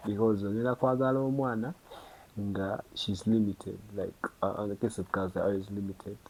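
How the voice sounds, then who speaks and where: A man's voice: lowish voice, steady tone, normal speed, darkish tone, a little hiss or hum, poor audio. A young man with a Ugandan English accent hosting a podcast, chatting casually and filling his talk with "you know" while acting out little conversations. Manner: chatty, many fillers, acts out dialogue. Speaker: podcast host. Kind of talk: casual monologue to camera.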